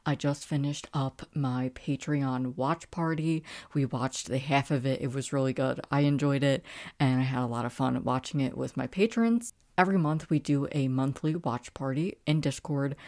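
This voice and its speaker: A woman's voice: rumbling low, a little mellow. A young woman hosting a book podcast, telling a story in a chatty, exasperated way with lots of fillers. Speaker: podcast host. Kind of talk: casual rambling monologue.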